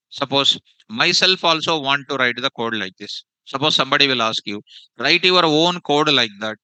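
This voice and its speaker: A man's voice: mid-range voice, pushed and bright, clean tone, dry recording, poor audio. A man teaching a live programming class, repeating phrases and quizzing his students with "what?" prompts.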